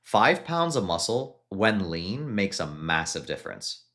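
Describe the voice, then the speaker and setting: Very low-voiced man answering live chat. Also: sing-song, unhurried, a bit bright. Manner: reads chat questions aloud, answers with hesitant restarts. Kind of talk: casual live-stream chat.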